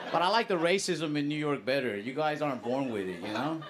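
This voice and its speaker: A man's voice: a little high, lively intonation, brisk, a crowd in the background, background noise. A man doing stand-up with a dry, observational delivery. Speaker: stand-up comedian. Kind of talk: stand-up routine.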